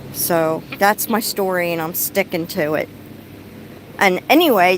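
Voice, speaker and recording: Slow-talking middle-aged woman vlogger. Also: medium pitch, a little hiss or hum, low-quality recording. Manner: chatty, breaks off to talk to her pet bird. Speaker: pet bird vlogger. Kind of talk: casual storytelling vlog. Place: rural home, outdoors.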